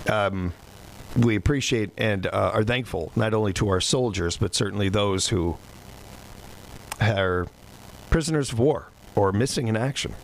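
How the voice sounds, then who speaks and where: A man's voice: on the low side, a little hiss or hum, low-quality recording. A man hosting a country music radio show, talking in a folksy, rambling, self-deprecating way. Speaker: radio host. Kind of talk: casual radio show chat.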